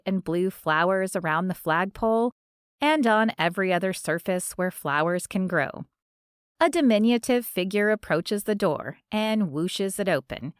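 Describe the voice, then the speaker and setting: A woman narrating a first-person romance audiobook in a measured, expressive way on a close studio mic. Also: medium pitch, clear, resonant tone, no room sound.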